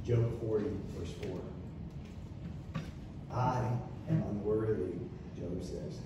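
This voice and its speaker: A man's voice: fairly low pitch, slow, long pauses, warm tone, slight background noise. A man preaching a sermon as pastor, with impassioned, repetitive delivery. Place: church sanctuary. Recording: echoey room from far off.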